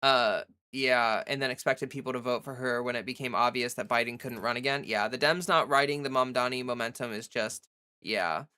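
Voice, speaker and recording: A woman's voice: rumbling low, moderate pace, bright, forceful tone. A woman hosting a casual livestream from home, chatting loosely with many "like" fillers and answering viewers' chat. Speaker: livestream host.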